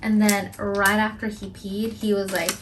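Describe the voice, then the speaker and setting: A woman's voice: medium pitch, level tone, a little slow, background noise. Young woman vlogger, casual rambling monologue, mid-range voice. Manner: rambling and emotional, heavy use of filler "like". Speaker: mental health podcast host.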